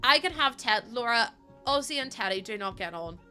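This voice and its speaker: A chatty young woman streams a building game and talks to her viewers in a high, bright voice. Her pitch bounces all over as she giggles and gushes her thanks. Soft game music plays underneath. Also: expressive, fairly quick. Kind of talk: casual live-stream chat while gaming. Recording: faint game music behind.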